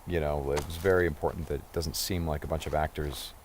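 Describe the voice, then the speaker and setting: A man's voice: extremely low pitch, flat delivery, quick pace, slight background noise. A man interviewing a game developer, curious and asking follow-up questions. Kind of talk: interview chat.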